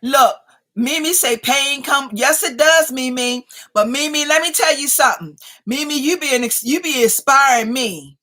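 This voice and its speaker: Fifties woman, live stream host; high, bright voice, chatty and quick to laugh. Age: 50s. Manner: chatty, laughs often, teasing. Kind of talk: casual live chat reading viewer comments.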